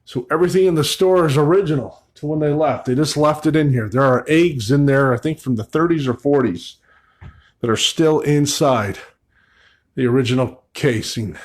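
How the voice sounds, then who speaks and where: A man investigating an old store at night, narrating to camera and calling out to spirits, swinging from loud calls to hushed asides. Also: a little high, normal speed. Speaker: paranormal investigator. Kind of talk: solo ghost-hunting vlog narration.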